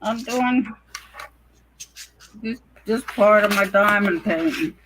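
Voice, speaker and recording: A woman co-hosting a casual livestream chat over a video call, talking in a relaxed, easygoing way. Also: medium pitch, slow pace, noisy background.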